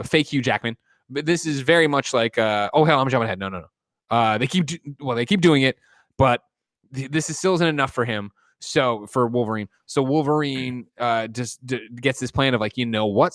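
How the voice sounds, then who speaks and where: A man's voice: medium pitch, fairly bright tone, clean tone, no room sound, studio quality. Man casually recapping a movie plot. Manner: rambling, profane plot retelling with jokey voices. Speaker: podcast host.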